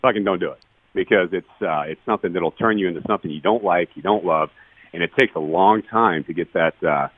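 A man in his forties speaks quickly in a very low voice, blunt and profane but earnest as he tells his story. The sound is dry and thin, squeezed through a narrow phone-like line. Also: breathy edge, no echo. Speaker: guest, retired baseball player. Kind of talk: candid podcast storytelling.

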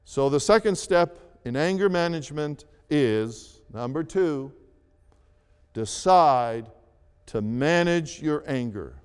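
A man preaches a sermon in a slow, measured way, repeating key phrases and lifting his voice for emphasis. His voice sits a little high and sounds smooth and resonant. The long reverb of a large church hall trails each line. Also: animated. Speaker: pastor.

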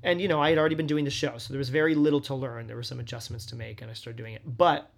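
A man's voice: mid-range voice, fairly even intonation, very fast, gravelly. A man in his thirties, a stage actor as interview guest, chatting casually and animatedly, full of "like" and acted-out quotes. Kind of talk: casual conversational storytelling.

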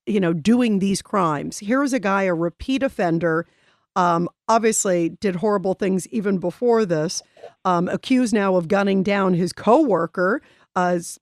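A woman's voice: medium pitch, a little mellow, dry recording, studio quality. A woman hosting a talk show, speaking in an indignant, conversational way. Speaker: host.

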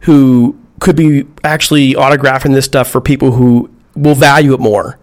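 A man chatting on a podcast in a middle-pitched, everyday voice. He thinks aloud as he goes, sometimes repeating a word before he finds his point. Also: fairly even intonation, normal speed. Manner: thoughtful, conversational, occasional stammered restarts. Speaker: podcast co-host. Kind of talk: casual chat.

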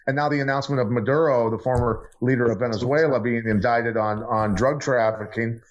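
A man's voice: mid-range voice, steady tone, fairly quick. A man co-hosting a podcast from a remote spot, needling and arguing by repeating his jabs. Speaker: podcast co-host. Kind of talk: heated casual debate. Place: remote from the others.

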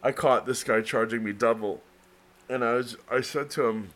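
A man's voice: medium pitch, fairly even intonation, moderate pace, a bit bright. A man hosting a casual podcast chat, rambling and heavy on fillers as he tells stories. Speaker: podcast host. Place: New York City.

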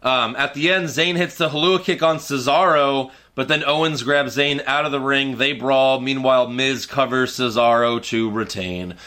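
A man's voice: mid-range voice, moderate pace, few pauses, bright, forceful tone. A man co-hosting a casual podcast chat, recapping events in a laid-back, joking play-by-play way. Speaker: podcast co-host recapping wrestling.

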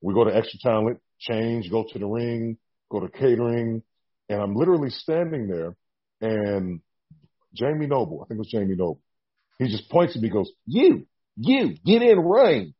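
A husky, low-pitched man recounts a story in a relaxed interview, switching into quick impressions of the people in it. The sound is a bit dull and lo-fi. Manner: animated storyteller acting out quotes. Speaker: guest, former wrestler.

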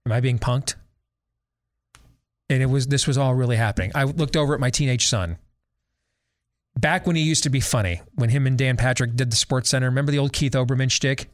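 A man's voice: mid-range voice, fast. A middle-aged man hosting a talk show, ranting sarcastically in a casual monologue and mimicking voices. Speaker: radio talk show host.

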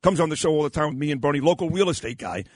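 A man's voice: on the high side, expressive, rapid-fire, slightly rough, no room sound, clean studio sound. A man hosting a radio show, telling rambling anecdotes and acting out the voices of the people in them, laughing often. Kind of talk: casual on-air storytelling.

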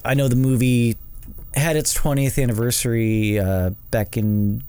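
A man's voice: medium pitch, fairly even intonation, measured pace, darkish tone, smooth. A man co-hosting a podcast in loose, casual conversation. He talks with frequent hesitations, fillers and restarts. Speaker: podcast co-host. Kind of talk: casual chat.

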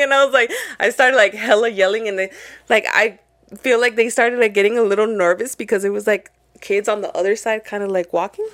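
A woman's voice: mid-range voice, a little fast, sharp tone. A young woman co-hosting a podcast, telling a story in casual chat with lots of swearing and Spanish phrases mixed in. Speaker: podcast co-host.

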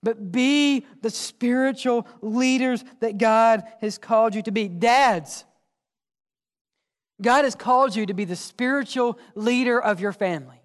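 A man preaching a sermon in a church, asking the congregation questions and answering them, sometimes dropping to a hushed low voice for emphasis. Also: unhurried. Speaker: pastor. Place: church sanctuary. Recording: long hall reverb.

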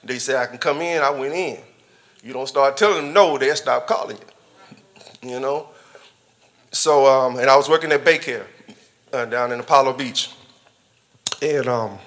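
A man gives a personal testimony in a bright, forceful voice. He talks in a casual, conversational way, chuckling often and speaking directly to his church family. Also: mid-range voice. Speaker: church member giving a testimony.

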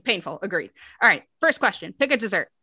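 An American woman co-hosting a podcast, her voice bright and forward. She chats easily and reads lists aloud with bouncy lifts, recorded close and dry with no room sound. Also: mid-range voice, quick pace, breathy edge, no echo. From United States. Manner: chatty, reads lists out with lively rises. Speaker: podcast co-host. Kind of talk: casual chat.

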